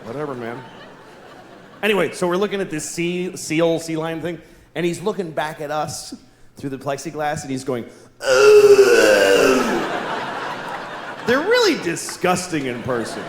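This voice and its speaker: A middle-aged man doing a stand-up routine, telling stories in an animated, exasperated way with plenty of cursing. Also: fairly high pitch, normal speed, roomy sound, background noise. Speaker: stand-up comedian.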